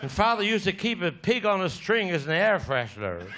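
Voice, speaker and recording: A man's voice: sits high, big pitch swings, brisk, heavy background noise. A man with a Cornish accent doing live stand-up, spinning rambling, earthy stories full of cheeky swearing. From Cornwall. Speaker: stand-up comedian.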